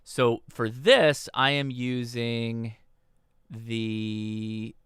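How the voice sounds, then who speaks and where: A man hosts a livestream tutorial, walking through a setup step by step in an instructional tone and checking in with his audience. His mid-range voice is flat, a bit bright and smooth, with drawn-out words, and the desk-microphone recording is studio quality with no echo.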